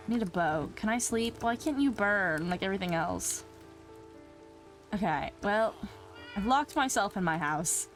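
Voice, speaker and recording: Flustered young woman playing a game. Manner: flustered, talks to the game's mobs, swings from exclaiming to low muttering. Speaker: Minecraft let's play host. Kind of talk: casual game commentary.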